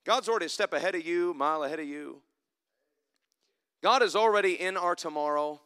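A man preaching a sermon in church, climbing to loud emphatic passages and dropping to soft, reflective asides. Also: on the high side, brisk, clean tone. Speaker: pastor.

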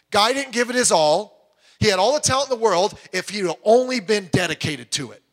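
High-voiced middle-aged preacher, emphatic. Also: male voice. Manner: emphatic, swings between loud urging and quiet asides. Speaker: pastor. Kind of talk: sermon.

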